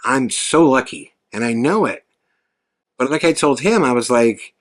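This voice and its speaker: Profane, animated male podcast storyteller. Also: medium pitch, a little slow. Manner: animated, profane, with voice jumping up for quoted exclamations. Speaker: podcast host and filmmaker. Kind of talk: casual storytelling monologue.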